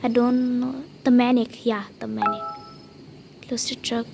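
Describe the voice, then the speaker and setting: Nervous woman gamer with a gravelly voice. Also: on the high side, level tone, a little slow, music in the background, poor audio. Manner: nervous, pleading, often whispering. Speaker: gamer playing a horror game. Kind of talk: casual gameplay commentary. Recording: loud typing and clicks behind.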